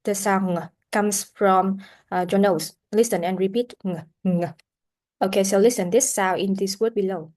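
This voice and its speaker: A woman teaching a pronunciation lesson, pausing on fillers and repeating sounds and words for students to practise. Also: mid-range voice, fairly even intonation, darkish tone.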